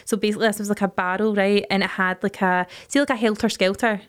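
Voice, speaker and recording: A young Scottish woman co-hosts a casual podcast, breaking in with enthusiastic exclamations. Her pitch stays level with little rise and fall, while her voice comes through smooth and clear. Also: fairly even intonation, quick pace. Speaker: podcast co-host. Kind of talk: casual chat.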